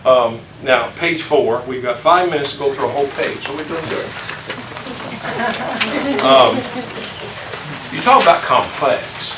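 An older man leads a folksy Bible class, chuckling as he asks his listeners questions. His voice sits in the middle range and sounds far from the mic. The room echoes, with steady background noise. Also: mid-range voice, a little slow, creaky, pauses often. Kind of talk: informal Bible class lesson. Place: classroom or church meeting room. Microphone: distant room mic.

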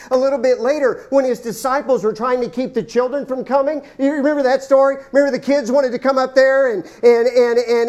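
A man delivers a sermon in a dramatic, theatrical manner. He calls his listeners folks and fires rhetorical questions at them. His voice leaps to loud exclamations, then sinks to hushed, near-whispered lines. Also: very high-pitched. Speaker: preacher.

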